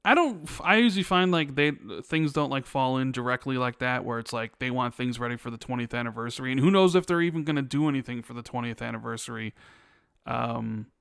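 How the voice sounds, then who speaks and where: A man with a Chicago accent chatting casually as a podcast co-host. His voice is smooth and resonant, with a dry, close sound. He rambles and reads viewer questions aloud. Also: medium pitch, expressive, quick pace, a bit bright, no room sound. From Chicago, USA.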